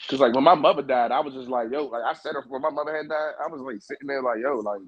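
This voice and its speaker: A man's voice: mid-range voice, steady tone, quick pace, no room sound, highs cut off. A man telling a long story on a podcast, in loose, profane, casual chat. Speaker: podcast co-host.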